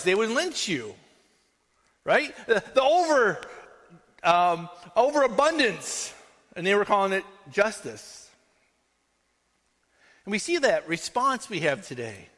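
A man's voice: high-pitched, pushed and bright. A man preaching a sermon as pastor, talking conversationally and often checking in with "right?". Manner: conversational, frequent "right?" asides. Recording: long hall reverb.

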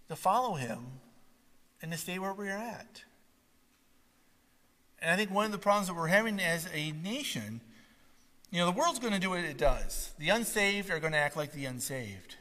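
A man, a pastor, preaching a sermon and telling a personal story in an animated way, acting out the voices of the people in it. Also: high voice, big-room sound.

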